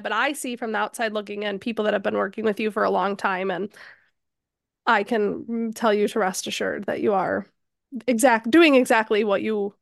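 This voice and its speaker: A woman's voice: fairly high pitch, vocal fry, no room sound, clean studio sound. A woman hosting a podcast interview, talking in an effusive, encouraging way with lots of "like". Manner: effusive and encouraging, heavy use of "like". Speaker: podcast host.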